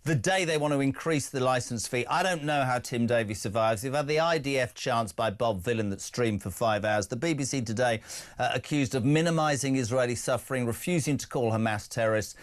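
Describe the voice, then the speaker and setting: Forceful, opinionated male radio host. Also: mid-range voice, brisk. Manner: emphatic, forceful, argumentative. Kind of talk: opinionated live radio talk. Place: radio studio.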